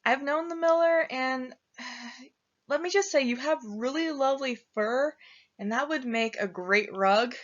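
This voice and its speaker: A woman's voice: high-pitched, unhurried. A woman voicing a young boy who gives blunt warnings in casual slang, as a storyteller's quoted character, recorded with a dull lo-fi sound. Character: streetwise young boy, blunt friendly advisor.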